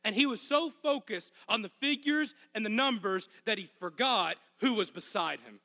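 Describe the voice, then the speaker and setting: High bright-voiced Arkansas preacher. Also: male voice, expressive, normal speed. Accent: Arkansas Southern US. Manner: impassioned, emphatic repetition. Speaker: pastor. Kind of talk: sermon. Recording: long hall reverb.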